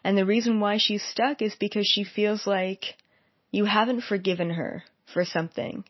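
A psychic medium, a woman, tells a story in a casual way and acts out the quoted lines with lively energy. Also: mid-range voice, normal speed, slightly rough, no echo. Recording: dull, dry lo-fi recording.

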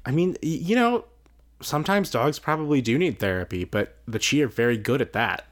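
A man's voice: medium pitch, expressive, brisk. A man co-hosting a podcast, chatting in a wry, joking way and reading out listener mail. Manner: wry, joking, swears casually. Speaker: podcast co-host.

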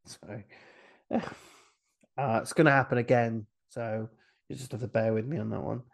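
A man's voice: mid-range voice, steady tone, moderate pace, vocal fry. A man co-hosting a casual chat, retelling a film scene by scene in a rambling, jokey way, breaking into silly voices. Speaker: podcast co-host recapping a film.

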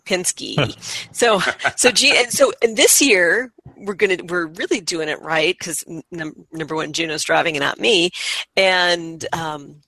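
A hoarse woman chatting casually as a podcast co-host, laughing often and swearing freely. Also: on the low side, a little slow, fairly bright tone, dry recording.

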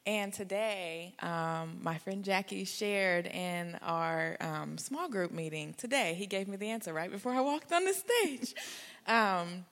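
Earnest young woman with a gravelly voice. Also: mid-range voice, fairly bright tone. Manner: earnest, laughs nervously. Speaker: church member sharing a testimony. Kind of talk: personal testimony and prayer. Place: church stage. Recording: hall reverb.

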